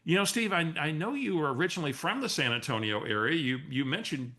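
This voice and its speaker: Guy putting on a chatty southern lady, folksy and friendly, higher voice on the phone. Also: big pitch swings, fast talker, bright, forceful tone.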